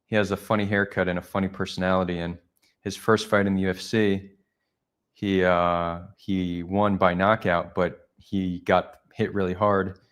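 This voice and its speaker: A man's voice: low voice, level tone, normal speed, smooth. A man hosting a live stream, chatting casually and reflectively with viewers, rambling a little as he goes.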